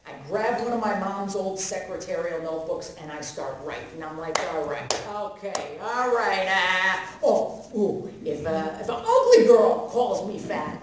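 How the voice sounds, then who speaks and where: A woman doing a stand-up comedy set, with a brash, punchy delivery, acting out her comebacks in a raised voice. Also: medium pitch. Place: comedy club stage. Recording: distant, echoey live club recording with loud crowd and noise. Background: audience laughter.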